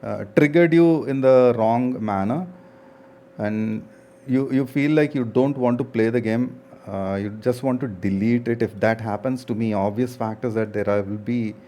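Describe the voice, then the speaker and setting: A man in his forties, a gaming streamer, talking earnestly and reflectively to his viewers, often pausing with hesitations. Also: lowish voice, dark tone, a little hiss or hum. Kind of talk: casual talk to viewers.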